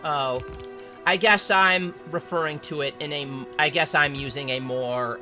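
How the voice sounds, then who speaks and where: A streamer chatting casually over a game with friends, slow and unhurried. The voice is bright and clear, full of halting fillers and restarts. Faint music plays underneath. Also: mid-range voice, fairly even intonation. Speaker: streamer playing a factory-building game with friends. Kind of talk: casual gaming chat.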